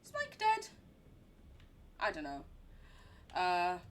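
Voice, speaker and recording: A woman's voice: lowish voice, huge pitch swings, takes it slowly, slight background noise. A young woman streaming a horror game, chatting in a giggly, rambling way. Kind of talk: live game commentary.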